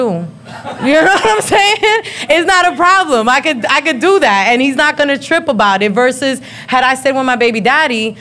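A woman in her thirties hosts a live podcast show, her high voice animated, fairly quick, and fairly bright in tone. She chats casually, speaking bluntly and profanely and laughing often.

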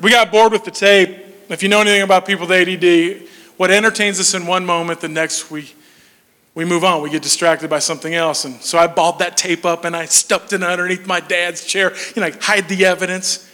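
A man in his forties telling comic stories on stage, animated and laughing through his punchlines. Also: sits high, fairly quick. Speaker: stand-up comedian. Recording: long hall reverb.

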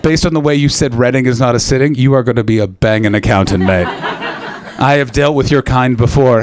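A Canadian stand-up comedian works the crowd from a comedy club stage on a handheld mic, brash and teasing and swearing freely. His mid-range voice moves fairly quickly with hardly any pauses.

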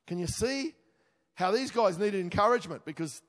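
A high-voiced man preaching from the pulpit, his tone swinging from emphatic bursts down to quiet, intimate asides. The sound carries the long reverb of a church hall. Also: expressive, moderate pace. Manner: emphatic, rising to exclamations then dropping low and intimate. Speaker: pastor. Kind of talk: sermon.

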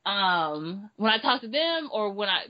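A woman's voice: medium pitch, sing-song, unhurried, muffled recording, noisy background. A woman co-hosting a casual chat, playful and teasing, laughing often. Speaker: podcast co-host.

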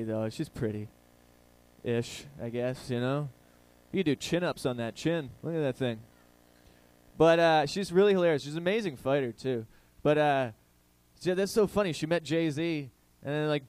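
A male comedian with a somewhat high voice rambles through crude jokes and throws questions out to the audience. The sound is dry and close, with no room in it. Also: dry recording. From Ireland. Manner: crude, rambling, jokey, asks the crowd questions. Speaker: comedy show host. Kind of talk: stand-up comedy banter with a live audience.

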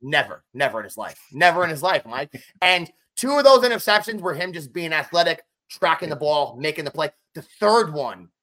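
A man co-hosting a casual sports podcast, talking fast and emphatic as he runs through game stats. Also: fairly high pitch, lively intonation, pushed and bright. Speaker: podcast co-host.

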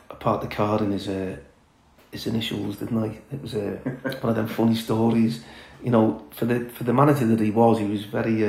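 A middle-aged former footballer telling blunt, candid stories as a podcast guest, chatty with many fillers. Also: male voice, lowish voice, gravelly, darkish tone, reverberant, low-quality recording. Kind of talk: casual storytelling chat.

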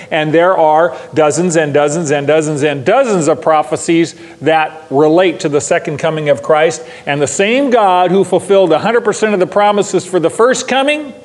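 A man's voice: on the high side, darkish tone. Emphatic preaching man, hall reverb. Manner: emphatic, repeats key lines for stress. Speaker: pastor. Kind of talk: sermon.

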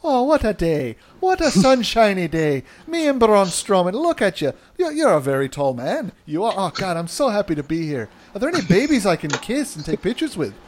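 A beaming, overjoyed wrestler gushes in a high, swooping sing-song, as a man puts him on for laughs. He drags out his happy words, bubbling with cheer. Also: big pitch swings, a little mellow, slight background noise. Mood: gushing cheerful. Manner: sing-song, gushing, drawn-out.

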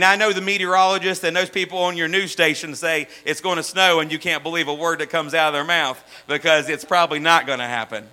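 A man preaching a sermon in a high, bright voice. He swings between loud, fervent runs and hushed, low asides. A faint electrical hum sits under the recording. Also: rough recording.

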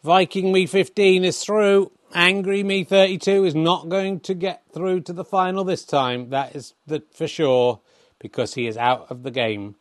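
A man hosting and commentating his own comic snooker tournament in an excitable, sweary, self-mocking way. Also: a little high.

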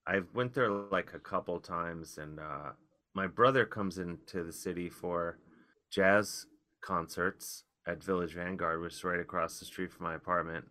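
A man, a comedian guest, telling rambling, wry stories in casual podcast chat with animated outbursts. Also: deep voice.

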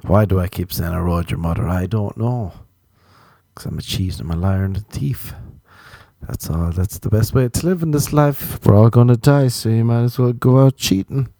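A man hosting a solo late-night podcast, rambling and joking at his own expense with sudden jumps in pitch. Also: normal speed, gravelly, dark tone, no echo, clean studio sound. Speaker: podcast host.

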